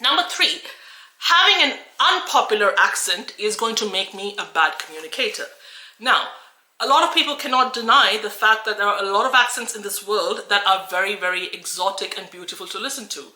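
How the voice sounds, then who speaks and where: A woman's voice: mid-range voice, animated, a little fast, sharp tone, roomy sound, low-quality recording. A woman from Australia who coaches English, talking earnestly and encouragingly to camera with frequent restarts. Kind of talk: talking-head video.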